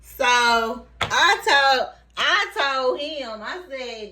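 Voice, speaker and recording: A woman's voice: fairly high pitch, lively intonation, takes it slowly, few pauses, pushed and bright. A woman vlogger telling a story straight to her viewers in casual, profane talk. She laughs often and acts out quoted lines with rising, emphatic repeats.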